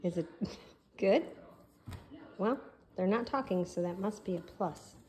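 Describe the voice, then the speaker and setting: A woman chats her way through a kitchen vlog, gushing over her food. Her talk is loose and excitable, with plenty of fillers and restarts. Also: mid-range voice, a little slow. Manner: chatty and gushing, with many fillers. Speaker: home cooking vlogger.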